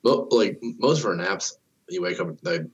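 A man in his thirties with a very low, husky voice chats casually as a podcast host. He swears freely and tells his stories by acting out other people's lines in a raised voice. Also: animated, moderate pace, highs cut off. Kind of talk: casual chat.

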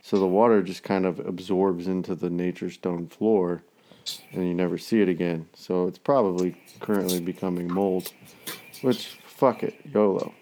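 A man's voice: sits low, fairly even intonation, normal speed, mellow. A man in casual chat, rambling through everyday stories and swearing constantly.

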